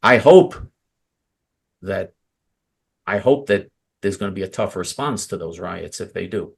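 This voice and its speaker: A man's voice: low-pitched, animated, measured pace, creaky, slightly rough. A man hosting a talk show, speaking emphatically and a little preachily. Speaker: host. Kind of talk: casual talk-show chat.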